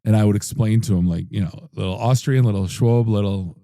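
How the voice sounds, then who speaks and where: A man hosting a podcast, telling stories in a rambling, animated way with lots of fillers. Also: fairly low pitch, fairly quick, no echo, clean studio sound. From United States. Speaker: podcast host. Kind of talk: casual chat.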